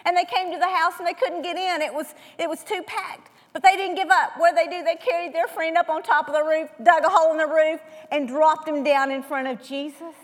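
A woman preaching a sermon who asks rhetorical questions and moves between loud emphasis and hushed tones. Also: very high voice, steady tone, a little fast, hardly any pauses. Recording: long hall reverb.

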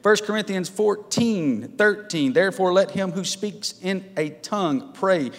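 A man with a slightly higher voice preaches in a casual, questioning way, tossing rhetorical questions to his congregation. His voice rings out with a long reverb through a church sanctuary. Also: measured pace. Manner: conversational, asks the congregation questions, frequent "right?" tags. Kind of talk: sermon.

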